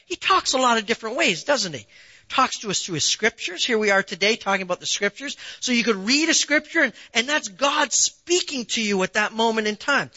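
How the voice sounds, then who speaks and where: A man's voice: very high voice, sharp tone, no echo, dull audio. A man preaching a sermon in a conversational way, asking rhetorical questions and building emphasis. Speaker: pastor.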